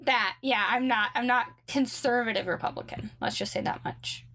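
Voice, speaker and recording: A woman's voice: on the high side, moderate pace, sharp tone. Chatty young woman telling a story. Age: young adult. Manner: chatty, many likes and ums, sarcastic asides. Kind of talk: casual storytelling chat.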